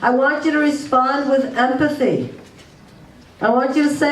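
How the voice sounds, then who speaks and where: A woman's voice: high voice, moderate pace, pauses often. A woman giving a presentation to parents, offering earnest advice and checking in with tag questions. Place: school room, recorded from afar. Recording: echoey room, distant mic.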